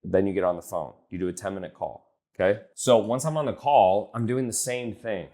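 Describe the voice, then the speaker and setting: A blunt young man coaching someone on sales in a loose, casual way. His voice sits fairly low, and he swears without a second thought. When he acts out chats and texts, he lifts his voice into a brighter, higher tone. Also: brisk. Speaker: business coach.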